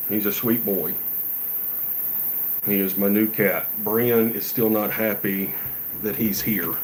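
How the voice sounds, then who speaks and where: A man who runs a gunsmith shop, chatting in a relaxed, folksy, rambling way on a casual livestream. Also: on the low side, slight background noise, rough recording.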